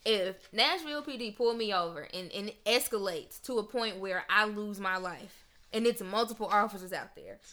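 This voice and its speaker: Blunt, bright-voiced woman co-host. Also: mid-range voice, moderate pace. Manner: blunt, profane, emphatic. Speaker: podcast co-host. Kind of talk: casual chat.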